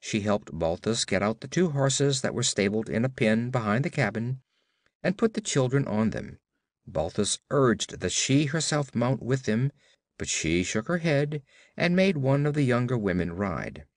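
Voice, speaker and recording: A man giving expressive, dramatic audiobook narration of a pulp adventure. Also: medium pitch, moderate pace, dry recording, clean studio sound.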